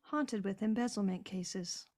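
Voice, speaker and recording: A woman's voice: medium pitch, unhurried, darkish tone, no echo, clean studio sound. A woman playing a tabletop game in character, with formal, prim phrasing. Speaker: player.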